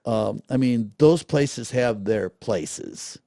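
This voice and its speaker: Speaking slowly with a gravelly, medium-pitched voice, a middle-aged festival director guests on a casual interview. He's an animated storyteller who performs the voices of people he quotes. The studio-quality recording is dry.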